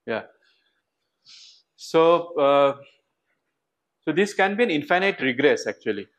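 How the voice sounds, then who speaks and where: A man's voice: on the high side, expressive, takes it slowly, rough recording. A man giving a university lecture, thinking aloud with fillers and restarts. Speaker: professor.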